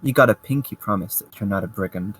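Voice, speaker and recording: A man's voice: lowish voice, fast talker, fairly bright tone, breathy edge. A man playing a wary, prickly woman in a tabletop game, talking in a dry, suspicious way.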